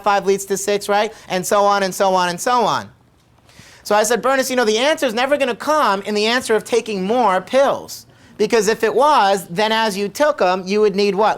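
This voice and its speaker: A man's voice: high-pitched, moderate pace, a bit bright. A middle-aged man, a chiropractor, telling a patient story to camera in a conversational way and repeating his questions for emphasis. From United States.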